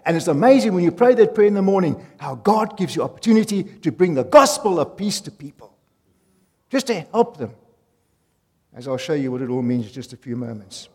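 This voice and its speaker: A man preaching a sermon, emphatic, repeating key phrases and swinging from loud to soft. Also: on the high side, big pitch swings, fairly quick, slightly rough. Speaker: pastor. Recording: long hall reverb.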